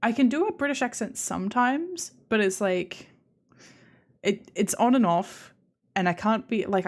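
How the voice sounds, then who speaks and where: A young woman with an Australian accent, chatting casually with viewers on a live stream, rambling and restarting her sentences with giggles. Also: fairly low pitch. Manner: rambling, self-interrupting, giggly.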